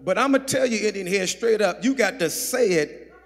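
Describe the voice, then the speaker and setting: A man pastor preaching a sermon, swinging between shouted calls to the congregation and quiet murmured asides. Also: sits high, normal speed. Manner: preaching with call-and-response, shouting and dropping to murmurs. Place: large church sanctuary. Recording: long hall reverb.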